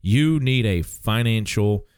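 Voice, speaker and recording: A man's voice: fairly low pitch, lively intonation, takes it slowly, a little mellow, clean tone, no room sound. A man in his sixties hosting a casual financial talk show as an advisor, speaking emphatically and tagging his points with "okay?".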